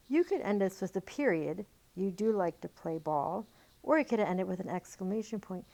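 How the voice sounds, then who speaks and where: A woman teaching a recorded grammar lesson, reading example sentences slowly and deliberately. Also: mid-range voice, dark tone. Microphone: tablet microphone.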